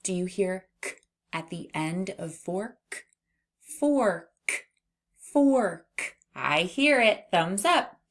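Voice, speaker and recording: A woman leads a phonics lesson for young children. Her voice sits a little low, and she talks slowly and patiently, encouraging her young readers. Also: creaky, a bit bright. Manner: slow, patient, encouraging teacher talk. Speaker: phonics teacher.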